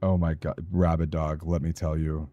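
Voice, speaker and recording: A man's voice: a bass voice, little pitch movement, normal speed, dark tone, dry recording, highs cut off, soft background music. A man with a Southern Californian accent, chatting in a rambling, casual way with his live-stream audience while he plays a game. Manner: chatty, rambling, answers chat aloud.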